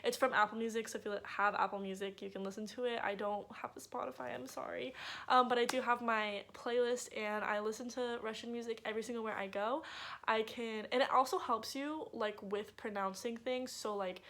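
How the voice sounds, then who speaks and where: A woman's voice: a little high, fairly even intonation, brisk, fairly bright tone, slight background noise. A young woman, a native English speaker, chatting casually to camera in a bubbly vlog with lots of filler words. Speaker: vlogger.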